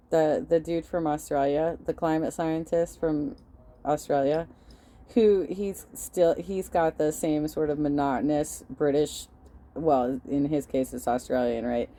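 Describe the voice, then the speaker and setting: Casual reaction host: a woman with a low, warm voice who swears freely. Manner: profane, animated, laughs often.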